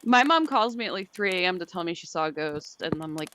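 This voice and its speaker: A woman's voice: lowish voice, expressive, fast talker, a bit bright. A woman in casual podcast chat who talks with lots of fillers and laughs often.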